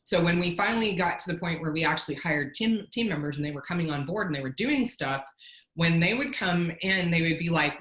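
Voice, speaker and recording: A woman's voice: low voice, brisk, fairly bright tone, echoey room, low-quality recording. A woman, a company founder, telling a candid, self-deprecating story in a casual interview, often restarting her sentences.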